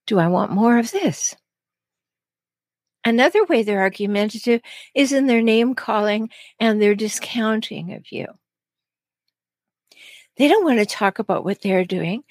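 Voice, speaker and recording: A woman's voice: medium pitch, no room sound. A woman hosting an advice podcast as a relationship coach, talking earnestly and stressing key phrases. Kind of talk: solo advice podcast talk.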